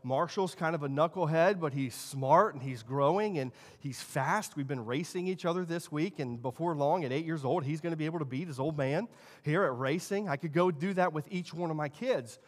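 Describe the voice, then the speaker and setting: A man in his thirties preaching a sermon as pastor, telling stories and shifting between quiet asides and loud emphasis. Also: a little high, moderate pace. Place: church sanctuary. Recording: long church hall reverb.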